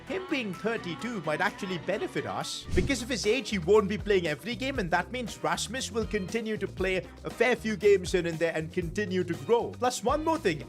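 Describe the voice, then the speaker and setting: A man with a notably high voice commentates on a video game. He gets excitable and shouts at the big moments, and faint music plays underneath. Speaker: gaming YouTuber.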